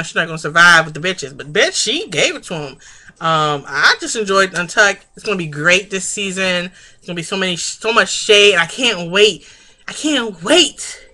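Brief: bright, sharp-toned woman vlogger, sassy and foul-mouthed, casual review. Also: mid-range voice. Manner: sassy, profane, chatty, laughs often. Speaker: reality-TV reviewer.

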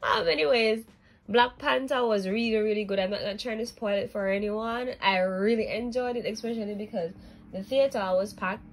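A woman's voice: a little high, moderate pace, low-quality recording. A woman chatting casually to her camera in a vlog, rambling and laughing easily. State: sick, getting better. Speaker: vlogger. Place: in Japan, various places.

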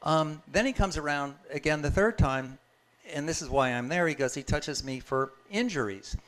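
A man sharing a personal testimony in a casual, conversational storytelling way, chuckling and restarting his sentences as he goes. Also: fairly high pitch. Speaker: guest speaker sharing a testimony.

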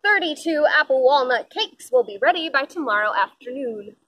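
A woman's voice: high voice, animated, normal speed, sharp tone, a little hiss or hum. A woman doing a smug, scoffing tortoise. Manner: scoffing, boastful. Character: smug know-it-all tortoise.

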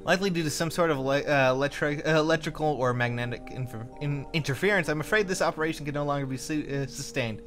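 A young man playing a video game with friends, reading its text aloud in halting starts and joking around. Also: fairly high pitch. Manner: reads on-screen text in halting starts, playful. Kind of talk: casual lets-play commentary with joking character voices. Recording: faint game music behind.

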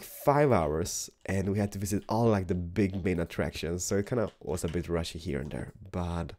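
Young male gaming host, tired morning voice, warm low-key tone, chatty and rambling with wide pitch swings. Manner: rambling, animated, repeats words, drops into whispers. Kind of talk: casual gameplay commentary.

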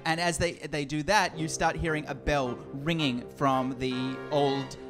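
A man's voice: fairly high pitch, steady tone. Man running a tabletop game. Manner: brisk, rule-checking narration with laughs. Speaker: dungeon master. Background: music.

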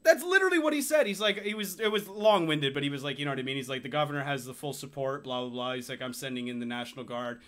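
A man's voice: mid-range voice, fast talker, hardly any pauses, bright, forceful tone. A man hosting a casual podcast, ranting heatedly and swearing a lot, slipping into quoted voices. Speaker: podcast host. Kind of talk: casual chat.

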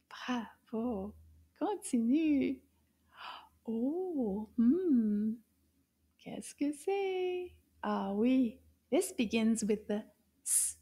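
Woman, children's teacher, gentle and encouraging, high voice with a mellow tone. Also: animated, husky. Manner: gentle, encouraging, slow, drawn-out sounds. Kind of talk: children's language lesson.

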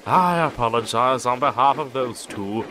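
A man's voice: mid-range voice, animated, normal speed, noisy background, lightly acted. Edward, a man doing a kind older steam engine. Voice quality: gentle, reassuring.

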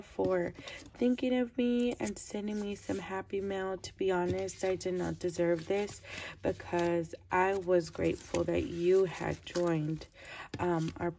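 A woman with a low, gravelly voice talks slowly through her craft mail, gushing over every little piece. She keeps her voice hushed so as not to wake her child. Her tone is dark and mellow, with a faint hiss behind her. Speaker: crafting vlogger opening mail. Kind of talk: casual unboxing chat.

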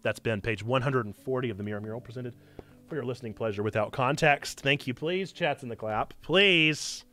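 A man's voice: mid-range voice, fairly quick, bright, forceful tone. A young man hosting a casual live stream, playfully reading from a book he wrote as a child and joking with his chat. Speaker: streamer and church host. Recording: faint piano music behind.

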